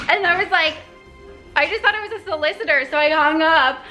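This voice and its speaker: A young woman vlogs from her bedroom with a high, bright voice. She talks casually and dramatically, tossing in quick exclamations. Soft music plays faintly behind her. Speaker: vlogger. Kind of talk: casual chat to camera. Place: home bedroom.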